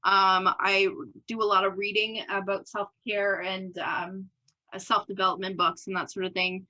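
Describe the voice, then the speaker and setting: A young woman with a bright, forceful voice talks openly as a podcast guest. She laughs easily and slips into little acted quotes of her own past thoughts, in relaxed, candid conversation. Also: mid-range voice, moderate pace, highs cut off. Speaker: podcast guest, business owner. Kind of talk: casual interview chat.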